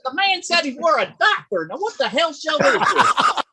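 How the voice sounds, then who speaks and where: A man's voice: extremely high pitch, big pitch swings, normal speed, over a noisy crowd, voice pushed up. A man voicing a confused, grumpy old male TV viewer with a baffled, cranky grumble. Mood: baffled grumbling.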